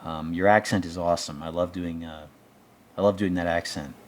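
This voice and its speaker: A man's voice: low-pitched, fairly even intonation, moderate pace, a little hiss or hum. A man giving rambling, sardonic commentary on a TV episode, with casual profanity. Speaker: show commentator.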